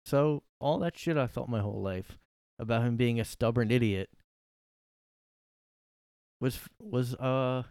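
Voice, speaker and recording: A man's voice: mid-range voice, measured pace, long pauses, a little mellow, clean tone, no room sound, clean studio sound. A man hosting a solo podcast from his room, rambling and sarcastic, swearing freely and sniffly from allergies. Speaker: podcast host. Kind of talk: casual solo rant.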